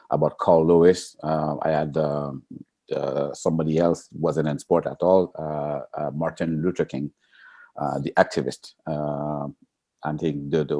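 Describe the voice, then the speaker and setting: A man being interviewed as an Olympic sprinter, telling stories with lively energy, acting out quotes in a high excited voice and laughing. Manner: expressive, jumps into high excited pitch, acts out quotes, laughs. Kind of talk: animated interview storytelling.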